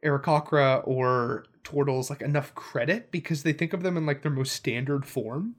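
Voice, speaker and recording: Animated, laughing podcast co-host man. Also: medium pitch, normal speed. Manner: animated, laughs often, rambling storyteller. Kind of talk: casual chat about tabletop games.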